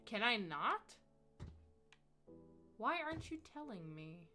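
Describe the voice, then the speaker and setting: A young woman from the Midwest chats her way through a gaming live stream, drifting from story to story and cooing at animals on screen. Her voice is bright and sharp. Soft music plays faintly in the background. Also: medium pitch, very animated, slow pace. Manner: rambling, chatty storytelling, talks to game animals. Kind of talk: casual live-stream chat while gaming.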